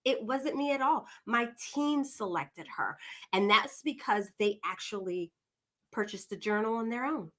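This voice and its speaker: A woman's voice: fairly high pitch, expressive, measured pace. A woman hosting a podcast, introducing her guest in a chatty, digressive way, often calling listeners "y'all.". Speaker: podcast host.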